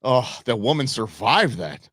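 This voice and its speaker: A man's voice: mid-range voice, big pitch swings, measured pace, fairly bright tone, dry recording, studio quality. A man in his forties co-hosting a casual talk show, joking and rambling with lots of restarts. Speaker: podcast co-host. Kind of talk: casual banter.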